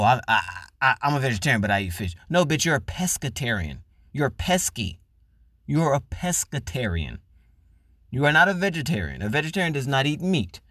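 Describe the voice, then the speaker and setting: A man's voice: fairly high pitch, no room sound, studio quality. Profane ranting podcast man. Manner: loud, swearing, mocking. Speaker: podcast host. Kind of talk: profane comedic rant.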